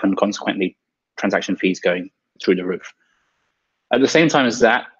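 A man with an English accent, a developer guest explaining in a measured, precise way. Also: fairly low pitch, highs cut off.

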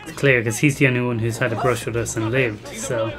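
A man's voice: mid-range voice, fairly even intonation, fairly quick. A man giving casual, self-mocking commentary while playing a video game. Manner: chatty, self-mocking, laughs at himself. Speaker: gameplay commentator. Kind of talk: casual let's-play commentary. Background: game music.

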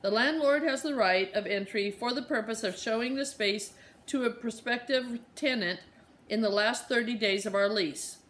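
An exasperated mother speaks in clipped, terse phrases, as a woman reading aloud puts her on. The voice sits higher than the reader's own. It suits a children's storybook reading. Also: normal speed, fairly bright tone, slight background noise, lightly acted. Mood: weary. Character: frazzled, sharp-tongued mother on a phone call.

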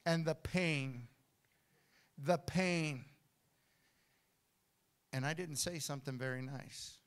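Older man, pastor, animated sermon, high-ish voice, smooth and clear. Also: takes it slowly. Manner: animated preaching, swings from hushed to loud. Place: church hall.

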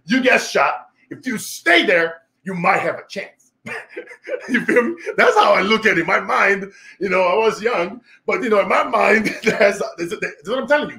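A man from Brazil with a Brazilian Portuguese accent, hosting his own show and telling a motivational story with emphatic energy and frequent laughs. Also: sits high. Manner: animated, laughing often, emphatic. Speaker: show host.

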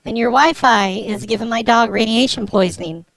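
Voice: medium pitch, moderate pace, vocal fry, a bit bright, pitched above the performer's own voice. A prank caller playing a brash, foul-mouthed woman neighbor who bosses people on the phone. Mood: pushy. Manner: rude, bossy, swears a lot.

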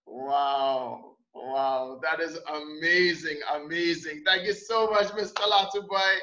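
Brief: man host, high bright voice, enthusiastic, exclaims a lot, muffled lo-fi audio. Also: level tone, moderate pace. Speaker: host of an online seminar. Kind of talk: hosting a live call. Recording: dull lo-fi call audio.

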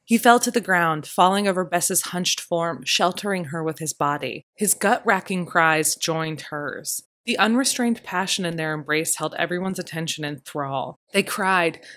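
A woman narrating a historical romance audiobook in a measured first-person reading. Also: lowish voice, fairly bright tone. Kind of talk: scripted narration.

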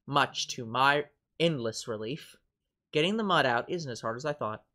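A man's voice: mid-range voice, animated, normal speed, pushed and bright. A man hosting a game show, reading a visual novel aloud with wry, joking narration. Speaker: host.

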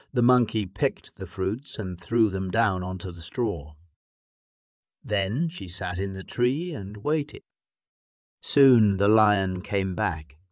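A man slowly narrating a graded-reader story for English learners, reading clearly and deliberately. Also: fairly low pitch, a little mellow, dry recording, studio quality.

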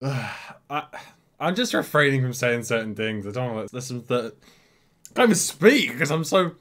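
A man's voice: medium pitch, normal speed, soft background music. A young man hosting a reaction video, making casual jokes and laughing often as he comments. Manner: joking, laughs often, lively asides.

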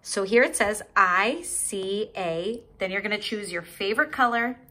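A woman teacher reading a picture book aloud to young children in a slow, sing-song storytime voice, stopping to ask them questions. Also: mid-range voice, lively intonation, sharp tone, reverberant. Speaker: preschool teacher.

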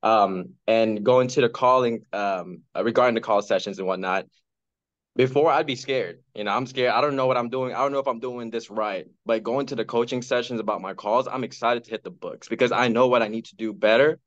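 A man's voice: medium pitch, brisk. A man talking casually and with enthusiasm in a team meeting, often hesitating with ums. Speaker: real estate agent in training. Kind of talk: casual chat. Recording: dull dry audio.

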